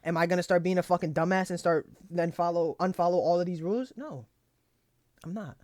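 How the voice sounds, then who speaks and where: High-pitched yet slightly dark in tone, a young man talks quickly in a dry, studio-quality recording. Hosting his trading journal, he reviews trades casually aloud, cursing freely and coaching himself through his frustration.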